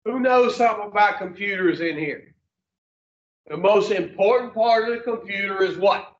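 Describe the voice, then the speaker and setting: A man's voice: high voice, moderate pace. A man giving a blunt, profane motivational talk to a group, asking the room questions in a folksy way. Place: room with a small audience. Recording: roomy, distant, dull mic.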